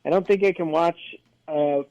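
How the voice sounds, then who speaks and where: A man on a panel reading a movie synopsis, then giving a brisk, wry opinion. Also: on the high side, steady tone, warm tone, dry recording, muffled recording.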